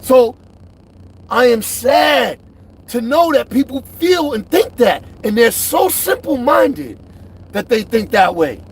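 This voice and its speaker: Emphatic high-voiced man, animated. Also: a little slow, husky. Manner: emphatic, repeats himself, swings between loud and quiet. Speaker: truck driver vlogger. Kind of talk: direct-to-camera rant.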